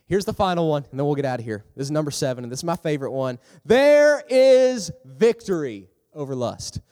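A man giving a youth sermon in a lively, storytelling manner, acting out the characters as he talks. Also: racing. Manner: animated, acts out characters with big pitch jumps. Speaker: youth pastor. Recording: long hall reverb.

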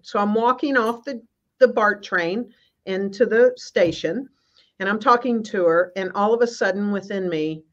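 A woman guest minister telling a personal spiritual story on a video call, in an earnest, halting way with many restarts. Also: medium pitch, fairly bright tone. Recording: slightly muffled.

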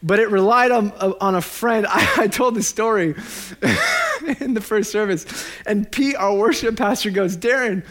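A man in his thirties preaches a sermon in a fairly high voice. He keeps it light and animated, tossing in jokes and laughing at his own lines as he goes. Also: moderate pace. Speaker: pastor.

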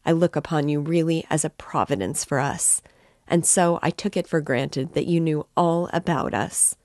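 A woman's voice: deep voice, moderate pace, darkish tone, no echo, studio quality, lightly acted. Woman reading as a fretful, tearful mother. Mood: anxious. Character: anxious, fluttering middle-aged mother.

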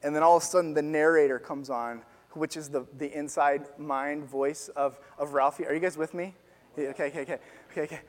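A man preaching a sermon as pastor, telling a story with animated swings between loud and hushed delivery. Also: fairly high pitch, brisk. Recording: long reverb of a large hall.

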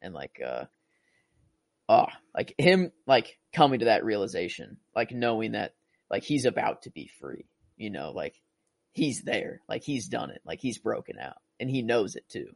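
A man's voice: on the low side, very animated, normal speed, gravelly, no room sound. A man chatting casually about a movie, rambling and gushing, full of filler words and restarts. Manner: emotional, gushing about the film.

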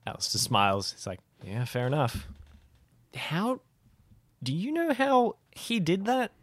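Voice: mid-range voice, wildly swooping pitch, unhurried, dry recording. A player in a tabletop game, describing their character's actions in a thoughtful, hesitant way. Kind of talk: tabletop role-play.

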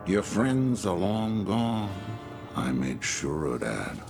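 An actor playing a menacing male alien bounty hunter who speaks in a gravelly, slow drawl, in a cartoon series clip. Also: sits low, big pitch swings, darkish tone, soft background music, exaggerated voice. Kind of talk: animated series dialogue.

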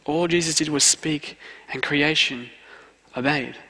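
A student pastor preaching a sermon in an earnest way, repeating key phrases for emphasis. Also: male voice, a little high, steady tone, unhurried, bright, forceful tone. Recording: long hall reverb.

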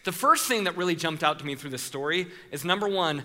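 A man preaching a sermon, telling a story with animated voices for the people in it and calling out to the congregation. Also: high-pitched, fast, hardly any pauses, in a large hall. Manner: playful with the congregation, calls for responses. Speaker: pastor.

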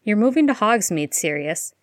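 A woman's voice: medium pitch, sing-song, normal speed, no room sound, clean studio sound, pitched above the performer's own voice, close to an everyday voice. A woman reading a story aloud and voicing a worried mother who coaxes hesitantly but earnestly. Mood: pleading. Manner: hesitant, then earnest and coaxing.

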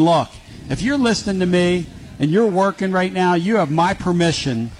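Excitable man hosting sports talk radio. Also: fairly high pitch, rough recording. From Philadelphia. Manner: excitable, hypes up guests.

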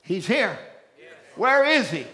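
Guy preaching hard, real high bright voice, yells then goes quiet. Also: big pitch swings, slow. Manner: shouting and dropping to a hushed low voice. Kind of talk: fiery sermon.

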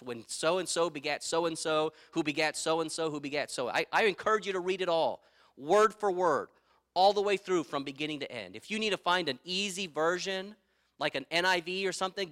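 A man's voice: fairly high pitch, a bit bright. A middle-aged man preaching a sermon as pastor, emphatic and repeating his key phrases, with stories from his own life.

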